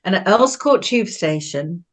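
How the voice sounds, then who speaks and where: A woman's voice: fairly low pitch, animated, a little slow. A woman of about seventy from Manchester, England, telling stories about her life as an interview guest in a chatty, rambling way, often breaking into laughter. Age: around 70. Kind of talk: personal storytelling.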